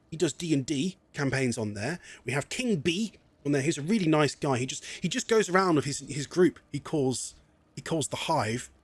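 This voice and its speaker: A man's voice: on the high side, dry recording. A young English man streaming live, chatting in a rambling way and laughing often, a bit wheezy from asthma. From England. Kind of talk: casual live-stream chat.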